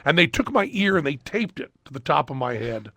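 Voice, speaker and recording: A middle-aged man hosting a podcast, telling a story in casual chat and loudly acting out the people in it. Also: fairly high pitch, brisk, no room sound. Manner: animated, shouts and acts out quoted people. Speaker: podcast host.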